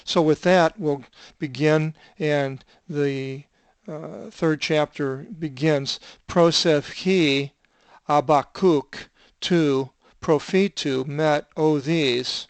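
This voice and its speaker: Older male Bible teacher, gravelly and unhurried, reading Greek and pausing often on "uh". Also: fairly high pitch, fairly even intonation, no echo. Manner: halting, many "uh" fillers, spells out Greek words.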